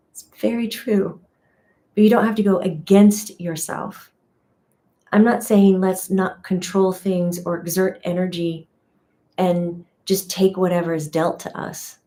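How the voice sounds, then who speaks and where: A woman's voice: on the low side, fairly even intonation, unhurried, dark tone. A woman teaching intuition in a chatty livestream talk, often laughing at herself and restarting phrases. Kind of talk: casual spiritual teaching on a livestream.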